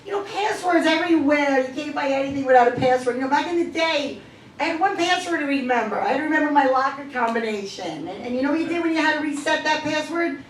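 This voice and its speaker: A woman's voice: high voice, animated, a little hiss or hum. Middle-aged woman doing stand-up, roomy. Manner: chatty, self-deprecating, quick asides. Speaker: stand-up comedian. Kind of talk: stand-up comedy set. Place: comedy club stage. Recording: echoey club from far off. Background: audience laughter.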